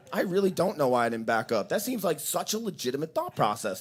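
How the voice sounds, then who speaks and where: Guy rambling through a stand-up set at a coffee shop open mic, kinda high voice. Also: sing-song, normal speed, breathy edge. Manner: rambling, self-deprecating, acts out quotes. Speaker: stand-up comedian.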